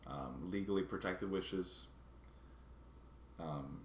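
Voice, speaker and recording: A man vlogging casually, telling a story in a halting way and often restarting his words. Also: deep voice, reverberant, slight background noise. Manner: halting, restarts and repeats words while recounting a grievance.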